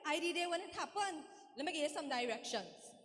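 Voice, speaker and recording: A woman's voice: high-pitched, expressive, a little fast, a bit bright, slight background noise. A woman acting as a boastful, nosy older village gossip in a stage comedy skit, chatty and rambling, with a Trinidadian accent. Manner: chatty, rambling, dialect-heavy. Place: live stage in a hall. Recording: reverberant hall stage.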